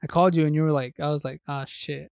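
A man's voice: on the high side, fairly even intonation, fast talker, gravelly, a little mellow, clear, resonant tone, no echo, studio quality. A young man co-hosting a podcast, talking casually and rambling with lots of filler words. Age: young adult. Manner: rambling, heavy use of "like". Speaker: podcast co-host. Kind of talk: casual chat.

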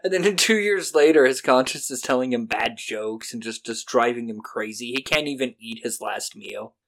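An animated man co-hosting a casual podcast, retelling a TV episode with gusto. He keeps jumping into loud, shouted character voices as he goes. His pitch sits in the middle range. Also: moderate pace. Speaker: podcast co-host. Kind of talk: casual chat recapping a TV episode.

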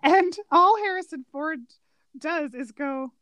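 A woman with a slightly high voice chats casually about a favourite film. She is animated and laughs often, acting out bits of dialogue, and the sound is dry and close to the mic. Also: brisk, no room sound.

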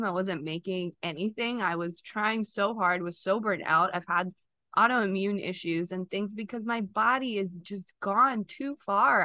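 A woman's voice: medium pitch, bright, forceful tone, no room sound. A woman podcast guest sharing an emotional personal testimony in an earnest, faith-filled way, close to tears.

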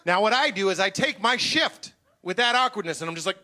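A man doing a stand-up comedy set on stage, animated and self-mocking. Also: sits high, quick pace, hardly any pauses, some chatter behind, a little hiss or hum. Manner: animated, self-mocking, slips into goofy voices. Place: comedy stage before a live audience.

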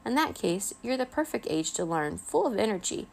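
A woman's voice: mid-range voice, big pitch swings, normal speed, creaky. A woman voicing a doddering, wheezing old grandfather vampire who is hard of hearing, in a children's storybook reading.

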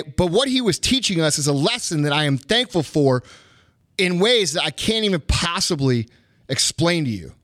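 A middle-aged man from the United States rants into a podcast mic, swearing freely and hammering his points with repetition. His voice sits high for a man and comes through dry and close, with no room around it. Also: a bit bright, no echo. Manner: profane, emphatic, punchy repetition. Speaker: podcast host. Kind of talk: fired-up motivational rant.

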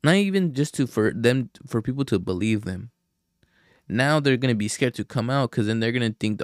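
A man's voice: medium pitch, lively intonation, normal speed, dry recording, clean studio sound. A young man hosting his own podcast alone, rambling in a casual, profane and self-deprecating way. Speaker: podcast host. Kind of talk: casual solo podcast monologue.

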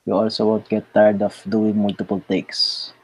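A man co-hosting a casual review chat, relaxed and adding tips. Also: on the low side, moderate pace, breathy edge, no echo, poor audio. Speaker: co-host.

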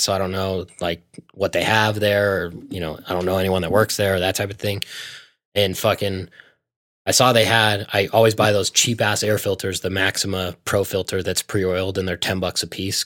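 A man's voice: sits low, no room sound, studio quality. Swearing man telling a story. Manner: profane, animated storytelling with frequent swearing. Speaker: storyteller in casual conversation. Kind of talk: casual chat.

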